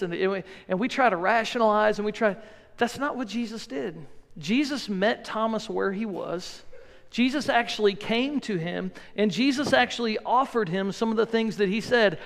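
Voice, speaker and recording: A man with a high, gravelly voice preaches a sermon, speaking earnestly and conversationally and repeating key phrases to drive them home. He is recorded in a church, and his voice carries a long hall reverb. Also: animated, moderate pace. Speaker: pastor. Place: church sanctuary.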